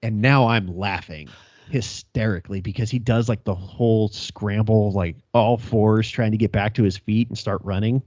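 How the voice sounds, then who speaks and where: A young policeman recounts a chase on a laid-back podcast, complete with laughter, swearing and acted-out radio calls. His lowish, darkish voice stays steady at a normal speed, captured in dull, dry lo-fi audio without room sound.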